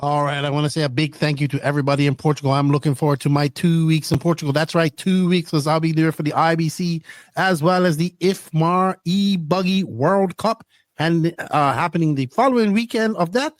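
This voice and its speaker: A man hosting a podcast in casual, rambling talk, often excited. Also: a little high, brisk, dry recording. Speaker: podcast host.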